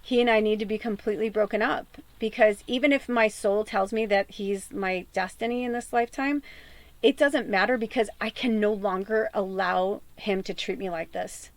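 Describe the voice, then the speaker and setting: A woman's voice: medium pitch, steady tone, normal speed, dry recording. A woman podcast host and medium venting in a raw, tearful personal monologue, swearing often.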